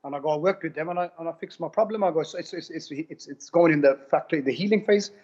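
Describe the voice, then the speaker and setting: A man giving an animated testimonial, retelling conversations in a rapid, repetitive way. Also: fairly high pitch. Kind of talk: animated personal storytelling. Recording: dull lo-fi recording.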